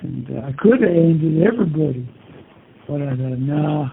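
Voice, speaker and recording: An older man, interviewed over a phone call from prison, rambles casually through his memories, peppering his talk with "you know" and curse words. His voice is on the high side, expressive and creaky, at a normal speed. The tinny phone line carries a little hiss or hum.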